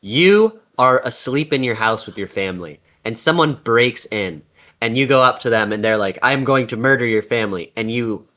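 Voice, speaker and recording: A man's voice: medium pitch, lively intonation, normal speed, fairly bright tone. Guy rambling and joking while reacting to a video. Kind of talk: casual chat.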